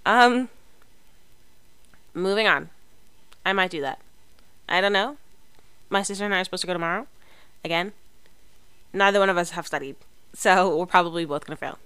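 Chatty young woman vlogger, clear voice. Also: on the low side, moderate pace, long pauses, a bit bright, no room sound. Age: young adult. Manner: chatty, rambling, lots of fillers and self-corrections. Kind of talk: casual chat to camera.

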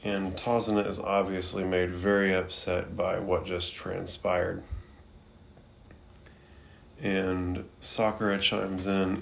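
Deep gravelly man recapping casually. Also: slow, a little hiss or hum. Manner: laid-back, swears freely, relaxed filler words. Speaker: anime reviewer.

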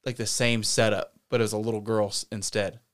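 A man's voice: lowish voice, brisk. A man co-hosting a podcast, casually retelling a story in a rambling way and acting out the quotes. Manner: rambling, retells stories with animated quoted voices. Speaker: podcast co-host. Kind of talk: casual chat.

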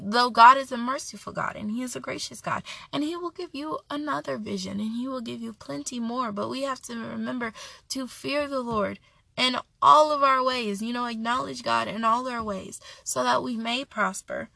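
A woman's voice: on the high side, moderate pace, gravelly, sharp tone, no echo. A young woman hosting a devotional podcast, reading Bible verses and sharing an earnest, chatty personal testimony. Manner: earnest, chatty, self-correcting.

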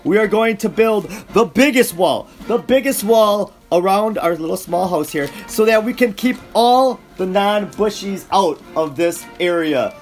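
A man's voice: high-pitched, lively intonation, measured pace, hardly any pauses, soft background music, voice pushed up. A man putting on the voice of a boastful, pompous male president who brags and stumbles over big words. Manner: bragging, mangles words.

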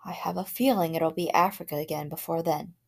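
A woman voicing an anxious middle-aged father in a storybook reading, worried and firm, sometimes hushed. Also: lowish voice, steady tone, a little fast, vocal fry. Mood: uneasy.

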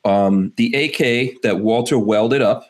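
A man's voice: medium pitch, unhurried, a little mellow. A man hosting a casual podcast chat, rambling loosely and laughing often. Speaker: podcast host.

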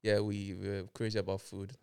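A man co-hosting a podcast, asking questions in quick casual chat with many restarts and filler words. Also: fairly low pitch, completely flat delivery, creaky, a little mellow, clear, resonant tone. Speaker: podcast co-host.

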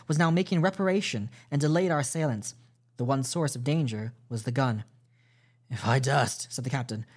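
A man narrating a classic adventure novel aloud at a steady, measured pace, with small restarts. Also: mid-range voice. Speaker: podcast host reading a novel aloud. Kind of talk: audiobook storytelling narration.

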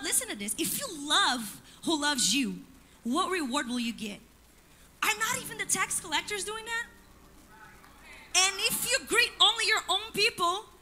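A woman pastor, preaching a sermon in church with emphatic delivery and call-and-response asides. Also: very high voice.

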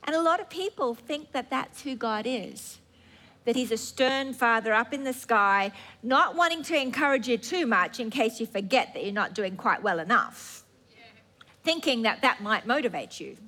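A woman's voice: on the high side, expressive, moderate pace, pushed and bright. A woman preacher delivering an earnest sermon with emphatic repetition.

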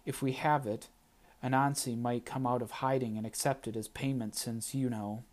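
A man's voice: mid-range voice, level tone, normal speed, natural voice. A man reading as a fierce young girl pilot. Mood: earnest. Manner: earnest, pleading. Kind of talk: audiobook character reading.

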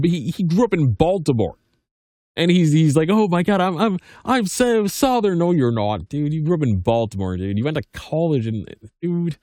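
A man's voice: medium pitch, no room sound, studio quality. A man in his thirties hosting a podcast, reading news aloud and breaking off into casual commentary full of restarts and "like". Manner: rambling, stammering restarts, heavy use of "like". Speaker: podcast host.

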